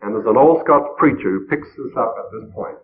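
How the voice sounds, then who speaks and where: A man giving an earnest, measured sermon, asking rhetorical questions as he preaches on a radio broadcast. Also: medium pitch, animated, a little hiss or hum. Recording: tinny phone-like old radio broadcast.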